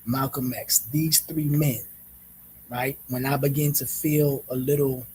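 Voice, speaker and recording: Man, reflective monologue, very slow unhurried delivery, faint room noise behind. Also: mid-range voice, level tone, mellow, poor audio. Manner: measured, repeats phrases, frequent "right?" checks. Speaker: host.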